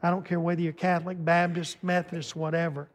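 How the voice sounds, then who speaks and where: A man preaching as a pastor, lively and joking, calling out to his congregation through a handheld microphone in a church sanctuary. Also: fairly high pitch, fast talker. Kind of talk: sermon with announcements. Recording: long church hall reverb.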